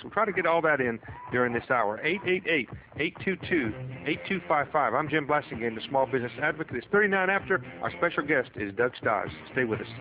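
Brisk male radio show host, upbeat, thin phone-like sound. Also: fairly high pitch. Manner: brisk, upbeat, affirming interjections. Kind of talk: call-in radio talk show. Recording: tinny phone-band radio broadcast.

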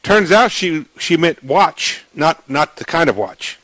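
A man's voice: on the high side, big pitch swings, unhurried, a bit bright, no echo, rough recording. A man hosting a radio talk show, chatty and folksy, laughing easily with his guest.

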